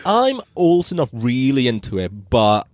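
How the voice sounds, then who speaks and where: A man's voice: medium pitch, big pitch swings, a little slow, no room sound. A man co-hosting a comedy podcast, teasing his co-host and telling anecdotes with a wry tone. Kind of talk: casual comedy chat.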